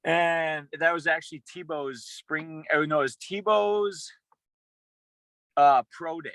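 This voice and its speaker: A young man, a former college football player, telling a rambling, excited story in a casual interview, with many restarts. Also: on the high side, slow pace, no echo, poor audio.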